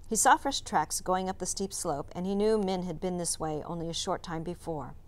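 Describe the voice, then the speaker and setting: A woman teacher reading a chapter book aloud, narrating in a calm, measured way. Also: on the low side. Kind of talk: storybook read-aloud narration.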